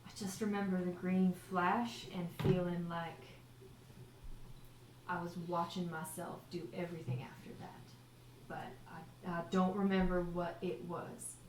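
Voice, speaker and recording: A woman voicing a weary, haunted old male soldier with gray feathers, speaking softly and haltingly. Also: fairly low pitch, little pitch movement, echoey room, slight background noise, lightly acted, rough recording.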